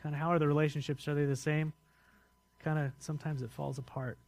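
A man's voice: a little high, flat delivery, fast talker, gravelly, darkish tone. A man preaching a sermon as pastor, conversational and often putting questions to the congregation.

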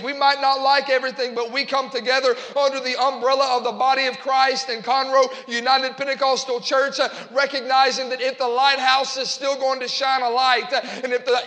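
A man's voice: very high-pitched, bright, forceful tone, long reverb tail. A man preaching an impassioned sermon in a church, repeating himself and restarting phrases with many fillers. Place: church sanctuary.

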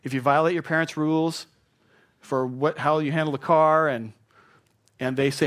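A middle-aged male pastor preaching a sermon. He acts out quoted apologies and excuses with lively shifts of voice. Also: a little high, moderate pace, pauses often.

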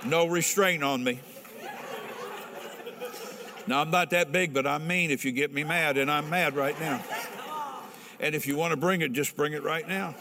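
A middle-aged pastor with a fairly high voice preaches a sermon in a folksy, emphatic style, asking his congregation questions while telling a story. He speaks at a moderate pace and pauses often. The church hall is large with long reverb, crowd noise, and a noisy background.

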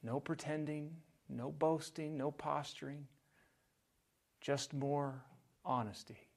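A man preaching a sermon, measured and earnest, often dropping to a soft, quiet voice on key phrases. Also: a little high, steady tone, gravelly. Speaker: pastor.

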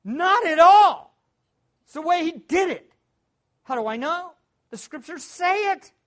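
A man preaches with great emphasis. His pitch rises and falls in lively swings, from near-whispered asides to ringing exclamations. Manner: emphatic, swings from hushed to shouting. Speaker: pastor. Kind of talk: sermon.

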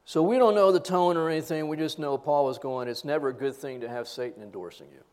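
A man's voice: a little high, fast, a little mellow. An older man preaching a sermon, asking rhetorical questions and telling self-deprecating stories with humor. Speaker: pastor.

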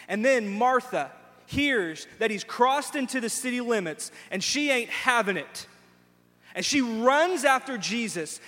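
Animated preacher in a big hall. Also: male voice, very high voice. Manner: animated storytelling preacher who acts out voices. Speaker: pastor. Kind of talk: sermon. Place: large church sanctuary. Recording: long hall reverb in a church.

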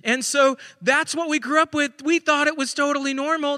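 Male pastor, forties, chatty storytelling sermon, bright tone, dry close sound. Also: very high-pitched, steady tone, moderate pace, dry recording, in a large hall. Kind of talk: sermon with personal stories.

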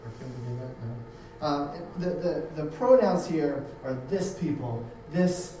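A man preaching from across a very echoey room, his voice mellow and set back from the mic. He talks in a loose, conversational way, doubling up words as he goes. A faint hum sits under it. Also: a little high, lively intonation, a little slow, recorded from a distance. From United States. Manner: conversational, repeats words and restarts often. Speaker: pastor. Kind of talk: sermon.

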